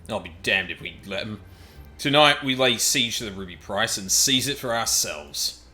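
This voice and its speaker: A man voicing a brash, hot-tempered male pirate captain in a game, reading the dialogue aloud in a gruff, commanding manner. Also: on the low side, animated, normal speed, bright, forceful tone, faint music behind, pitched above the performer's own voice. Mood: angry. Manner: gruff, commanding, barking orders.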